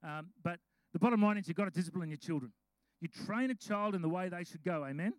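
A man, a pastor preaching a sermon, mixing slow scripture reading with chatty storytelling. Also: high-pitched, dry recording, rough recording. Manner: reads scripture slowly.

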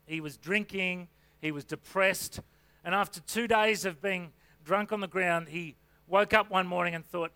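A man preaching a sermon, telling a personal story in a conversational way and rising to loud, fervent calls of faith. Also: high voice, fairly even intonation, measured pace.

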